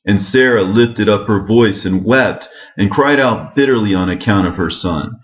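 A man narrating an old religious text in a measured, steady reading. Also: on the low side, poor audio. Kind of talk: scripture reading.

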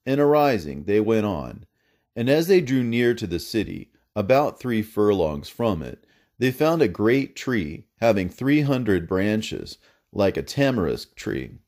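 A man with a low voice reads an ancient religious story in solemn, measured narration. His pitch rises and falls freely across phrases. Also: sing-song, darkish tone.

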